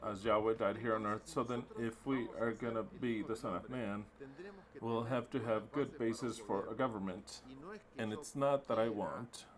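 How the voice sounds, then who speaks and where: A man interpreting a sermon into English live, emphatic and repetitive, with blunt wording. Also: on the low side.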